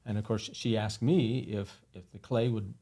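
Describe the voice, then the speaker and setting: A man's voice: on the low side, fairly even intonation, normal speed, dark tone. A man guesting on an interview, telling earnest anecdotes with many fillers. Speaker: guest, company founder. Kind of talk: casual interview storytelling.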